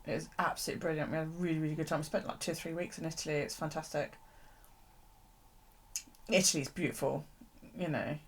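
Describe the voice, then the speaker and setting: Chatty British woman streamer, slightly low voice, loose and unfiltered. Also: steady tone, quick pace, long pauses, slight background noise. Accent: British English. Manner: chatty, swears casually, frequent ums and laughs. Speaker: live-stream host. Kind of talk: rambling casual chat with live viewers. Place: home craft desk.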